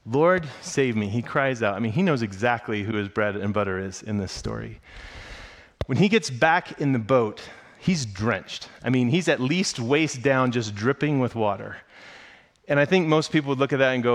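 A man preaching a sermon. He tells the story with excitement and acts out the characters' lines in a higher voice. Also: moderate pace. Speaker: pastor.

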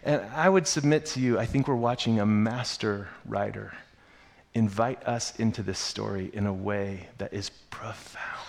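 A man preaching a sermon, reading scripture aloud and stopping to explain it in a casual, conversational way, growing animated as he poses questions. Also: on the low side. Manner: animated when voicing questions. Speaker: pastor.

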